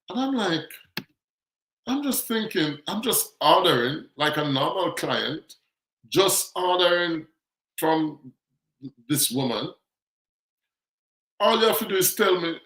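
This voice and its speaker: A man's voice: sits high, sing-song, slow, pauses often, a bit bright. A Jamaican man hosting a casual talk show, chatting and telling stories about life back home, acting out the people in them. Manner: chatty, storytelling, acts out quotes. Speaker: show host. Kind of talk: casual commentary monologue. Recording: roomy echo.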